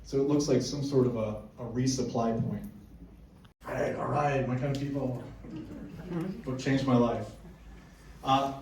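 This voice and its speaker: Speaking at a conference, a man tells spooky stories to a packed room, keeping it casual and jokey while often restarting his sentences. His voice is medium-pitched and dark in tone, and it sounds distant in an echoey room.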